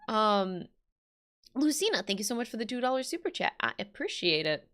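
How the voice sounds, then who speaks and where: A woman's voice: mid-range voice, big pitch swings, moderate pace, a bit bright, slight background noise. A woman streaming a game, chatting casually, giggly and reading dialogue aloud in voices.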